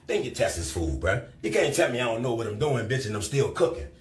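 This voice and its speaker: A man on a live stream delivering a loud, profane rant, scolding and repeating himself for emphasis. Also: mid-range voice, sing-song, quick pace, echoey room.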